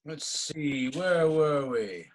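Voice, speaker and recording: A man's voice: fairly high pitch, lively intonation, very slow. A man hosting a casual interview, laid-back, reacting with short sweary remarks. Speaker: interview host.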